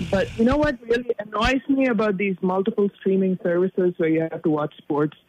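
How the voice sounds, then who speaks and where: A man's voice: high voice, dry recording, rough recording. A man co-hosting a sports talk radio show, needling his partner with dry teasing humor. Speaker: radio co-host.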